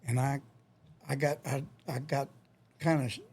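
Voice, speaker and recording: Husky older man, halting storyteller. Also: mid-range voice, fairly even intonation, a little mellow. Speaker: guest grandfather. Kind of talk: casual conversation.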